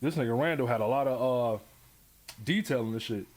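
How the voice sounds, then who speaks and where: A man's voice: medium pitch, fast talker. A man hosting a reaction video, tossing out slangy, profane, joking remarks. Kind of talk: casual reaction commentary.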